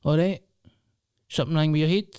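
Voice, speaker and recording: A man's voice: a little high, steady tone, a little fast, darkish tone, clean tone, voice pushed up, lightly acted. A Scottish man voicing his old-school dad, who breaks into crooning and rambles about random trivia. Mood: nagging.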